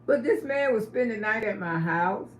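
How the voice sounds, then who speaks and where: A woman's voice: a little high, lively intonation, moderate pace, roomy sound. Middle-aged woman, livestream storyteller, blunt and chatty, faint background hiss. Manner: blunt, chatty, asks the audience questions. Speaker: livestream host.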